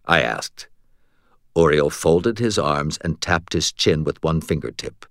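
A man narrating a fantasy novel in the first person, with steady, even storytelling. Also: rumbling low, measured pace, no room sound, clean studio sound. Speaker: audiobook narrator.

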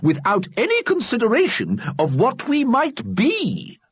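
A man voicing a pompous old male ghost alderman who speaks in a measured way. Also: very high-pitched, huge pitch swings, husky, no echo, voice pushed up, full character voice.

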